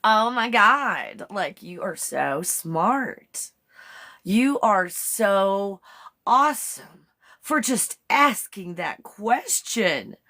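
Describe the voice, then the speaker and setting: A woman's voice: medium pitch, voice pushed up, exaggerated voice. A woman doing a gushing Valley Girl chatbot. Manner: slow, sing-song, over-the-top flattery.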